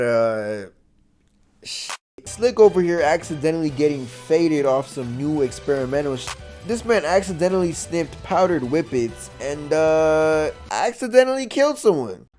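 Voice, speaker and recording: A young man talking casually about a movie, slangy and joking, swinging from loud bursts to mumbled asides. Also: on the high side. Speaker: movie reviewer. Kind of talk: casual movie review commentary.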